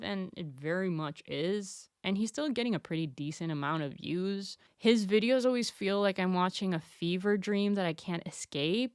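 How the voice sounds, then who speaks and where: A young adult woman talking candidly to camera as a YouTuber, blunt and quick to laugh. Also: fairly high pitch. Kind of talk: casual commentary to camera.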